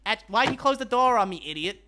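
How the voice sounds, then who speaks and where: A man with a Sheffield accent, streaming and role-playing a rat character, excitable and jokey, yelling out comic bits. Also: sits high, quick pace. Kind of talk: playful in-game role-play chatter.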